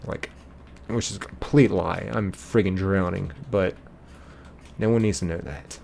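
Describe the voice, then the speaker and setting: A man hosts a live game stream in a relaxed, chatty way, reading out viewer comments as they come in. His voice sits low with a gravelly fry and a dark, mellow tone. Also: unhurried, slight background noise. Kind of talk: casual live-stream chat, reading chat messages.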